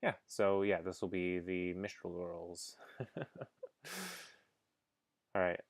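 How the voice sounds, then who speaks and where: A man's voice: low-pitched, little pitch movement, moderate pace, dry recording. A man hosting a reaction video, chatting casually, easily amused, and talking to his dog between remarks.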